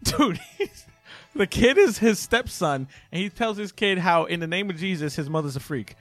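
A man's voice: high voice, animated, moderate pace, no echo, faint music behind. A young man telling a story in a casual podcast chat, rambling and laughing, with many restarts. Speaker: podcast co-host.

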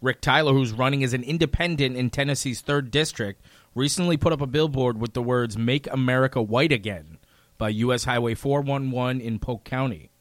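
A man in casual political chat, relaxed, reading news items aloud. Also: medium pitch, fairly quick, dry recording.

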